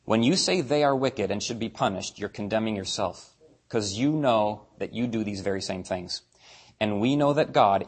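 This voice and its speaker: A man preaching a conversational sermon, animated, acting out quoted voices as he reads scripture. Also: mid-range voice, slightly rough. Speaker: pastor.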